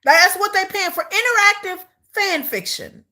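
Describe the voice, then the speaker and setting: A woman's voice: very high-pitched, moderate pace. A woman, ranting in casual live-stream commentary with incredulous repeats. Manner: animated, incredulous ranting with frequent repeats and laughs. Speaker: reaction streamer.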